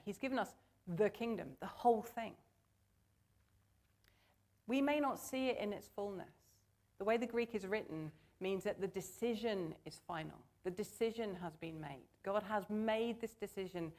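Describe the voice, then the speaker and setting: A woman's voice: medium pitch, darkish tone. A woman preaching a sermon in church, earnest and conversational, asking the congregation to join in.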